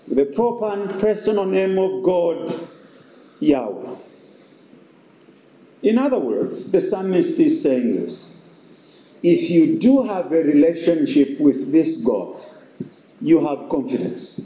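Slow, high-voiced preacher in an echoey room. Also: male voice, warm tone. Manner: emphatic, repetitive preaching with rhetorical questions. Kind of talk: sermon.

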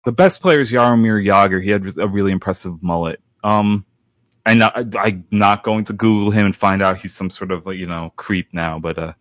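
A man's voice: on the low side, moderate pace, fairly bright tone, no echo. A man chatting casually on a gaming panel, rambling and sarcastic with a mock-grumpy edge. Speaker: podcast panelist. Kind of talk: casual chat.

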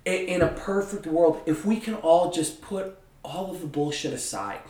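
A man with a notably high voice rants through a casual podcast chat, swearing constantly and getting heated. He sits back from the mic, so his voice carries the echo of the room. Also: moderate pace, darkish tone, distant mic. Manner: profane, ranting, heated. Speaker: podcast host. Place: room with a friend.

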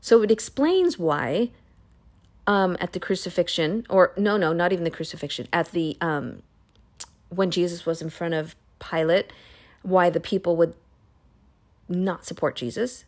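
A woman hosting a Bible podcast, retelling a chapter in a casual, animated way with playful, sassy asides. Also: lowish voice, a little slow. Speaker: podcast host reading and discussing the Bible.

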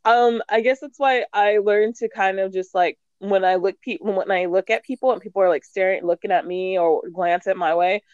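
A young woman co-hosting a podcast, speaking bluntly and loudly in casual chat and laughing often. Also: medium pitch, steady tone, normal speed, few pauses, smooth, no room sound. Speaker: podcast co-host. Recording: dry, dull lo-fi sound.

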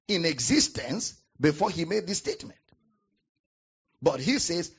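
A man preaching a sermon as pastor, with dramatic pauses and emphatic repetition. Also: a little high, lively intonation, gravelly, a bit bright, breathy edge, dull audio.

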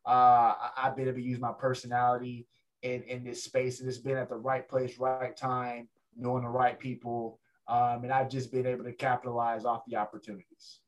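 A man's voice: medium pitch, a little fast, highs cut off. A man, a ring announcer, telling a story in a casual interview and acting out the people in it. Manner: animated storyteller, acts out other people's voices.

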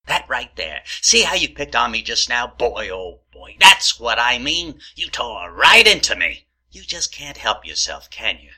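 Guy doing a fussy nitpicky roommate, lecturing, bright raspy voice, real animated. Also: medium pitch, full character voice. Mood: indignant. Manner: prissy, indignant, drawn-out storytelling. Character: fussy, pedantic, needling man who lectures his roommate. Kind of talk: comedy sketch acting.

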